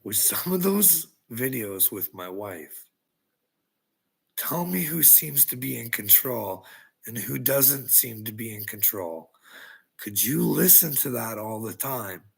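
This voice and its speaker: A man's voice: mid-range voice, gravelly, fairly bright tone, breathy edge. A man delivering a taunting, profane rant at his critics, mocking them and laughing often. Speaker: online video creator. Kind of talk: ranting monologue to critics.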